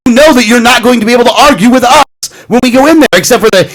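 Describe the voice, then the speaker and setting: A man's voice: very high voice, racing, hardly any pauses, a bit bright. A man hosting a political talk radio show, ranting and bantering with his co-host, interrupting himself with apologies and laughs.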